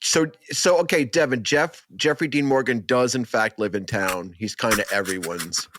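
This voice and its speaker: A man's voice: mid-range voice, moderate pace, noisy background. A man hosting a podcast in casual chat, asking incredulous follow-up questions. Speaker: podcast host.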